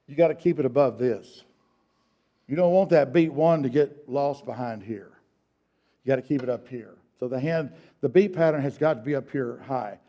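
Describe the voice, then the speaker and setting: A man leads a church song-leading workshop, calling out beat counts for the group and telling stories in a folksy, stop-and-start way. His voice sits a little high but sounds dark and mellow. The recording is dull and lo-fi. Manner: folksy, repeats words and restarts often. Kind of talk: workshop teaching, counting beats aloud. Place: church meeting room.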